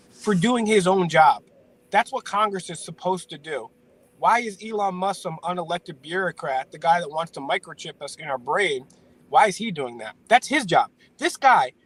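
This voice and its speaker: A man's voice: high-pitched, pushed and bright, dry recording, poor audio. An American man co-hosting a live stream, ranting indignantly about politics with repeated words and stumbling restarts.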